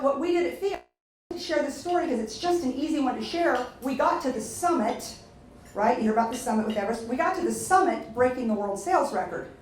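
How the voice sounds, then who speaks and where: A middle-aged woman giving a lively motivational speech at a luncheon, telling stories and asking the audience questions. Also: fairly high pitch, a little hiss or hum. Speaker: keynote speaker. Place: luncheon event hall. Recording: echoey room from far off.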